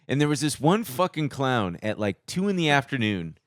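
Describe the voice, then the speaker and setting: A man co-hosting a podcast, telling animated stories in casual chat and mimicking other people's voices. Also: mid-range voice, normal speed, no echo. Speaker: podcast co-host.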